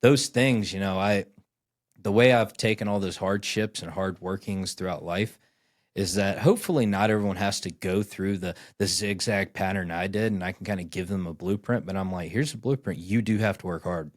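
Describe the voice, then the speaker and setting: Podcast host in his thirties; low, dry-miked voice; loose, profane storyteller who acts out conversations. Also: fairly even intonation, moderate pace, dry recording. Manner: rambling storyteller, acts out dialogue, swears often. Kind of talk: casual chat.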